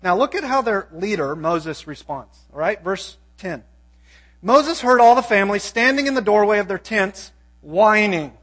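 A man's voice: high-pitched, expressive, normal speed, a bit bright. A man preaching a sermon, reading scripture and asking his listeners pointed questions. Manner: emphatic, asks the audience questions.

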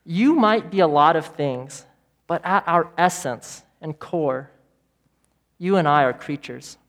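A man preaching a sermon as pastor, emphatic, with repeated phrases and dramatic pauses. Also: fairly high pitch, expressive, a bit bright. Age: adult parent of young children.

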